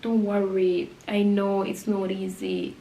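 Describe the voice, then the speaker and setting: A woman voicing her little sister, who gently comforts her. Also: mid-range voice, flat delivery, takes it slowly, vocal fry, slight background noise, poor audio. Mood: comforting. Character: caring worried little sister.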